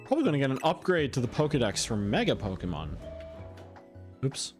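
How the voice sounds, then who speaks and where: A man's voice: medium pitch, wildly swooping pitch, a little fast, soft background music. A man casually commenting while he plays a video game, chatty and thinking aloud. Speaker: streamer.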